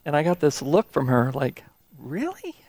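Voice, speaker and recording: A man's voice: fairly high pitch, a little fast, no room sound. A middle-aged man preaching a sermon in a conversational, self-deprecating way, telling jokes and stories. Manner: conversational, self-deprecating, animated storytelling voices. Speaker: pastor. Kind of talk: sermon with humorous anecdotes.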